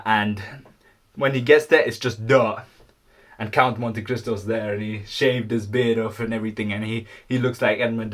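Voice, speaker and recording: A young man rambles through a story retelling for his vlog, loose and slangy. He stumbles on ums and restarts as he goes. His voice sits at an average, unremarkable pitch. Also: fairly bright tone. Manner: puts on squeaky high voices for quoted characters. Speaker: vlogger.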